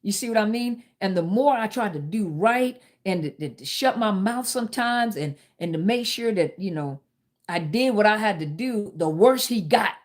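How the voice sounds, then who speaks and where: A woman's voice: mid-range voice, animated, moderate pace. A middle-aged woman, hosting a live talk and telling a personal story candidly, speaking straight to her viewers. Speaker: host.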